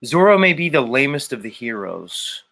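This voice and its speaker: A man's voice: mid-range voice, very animated, moderate pace, creaky, a bit bright. A man hosting a casual livestream, reading viewer comments aloud, rambling and joking with profanity and humming to himself between comments. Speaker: livestream host.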